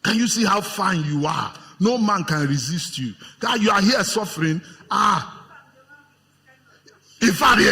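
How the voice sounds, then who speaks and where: A Nigerian man preaching a lively sermon to his congregation as pastor, acting out the voices of tempters in his stories. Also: sits high, unhurried, gravelly. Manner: animated, acts out voices of tempters, laughs with congregation. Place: church hall with congregation. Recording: long hall reverb.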